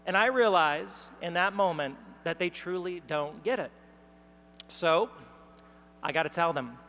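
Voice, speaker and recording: A woman from Texas, giving a rousing political speech at a convention, building up to shouts. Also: on the low side, lively intonation, measured pace, big-room sound, slight background noise. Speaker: convention speaker. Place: large convention hall.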